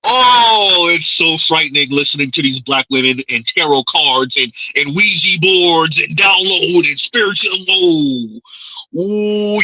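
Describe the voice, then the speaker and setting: A man's voice: a little high, animated, a little slow, bright, forceful tone, no room sound, poor audio. A man hosting a livestream, giving mocking reaction commentary with sarcastic repetition and frequent laughter. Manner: sarcastic, laughs often, repeats lines in ridicule.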